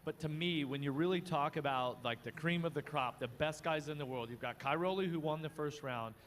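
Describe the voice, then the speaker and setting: A man co-hosting a live motocross show outdoors, relaxed and teasing, with plenty of fillers. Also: on the high side, fairly quick, slight background noise. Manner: easygoing, teasing, many fillers. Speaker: co-host. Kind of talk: live paddock broadcast chat.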